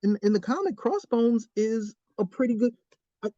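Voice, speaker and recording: A man co-hosting a podcast, talking in an animated, opinionated way with frequent restarts. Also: very high-pitched, normal speed, dry recording. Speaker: podcast co-host. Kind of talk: casual chat. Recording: dull lo-fi recording.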